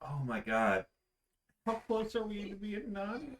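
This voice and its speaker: Young guy, tired exasperated stream talk, expressive pitch. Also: a little slow, slight background noise. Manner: weary, exasperated. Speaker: streamer co-host. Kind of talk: casual stream chat.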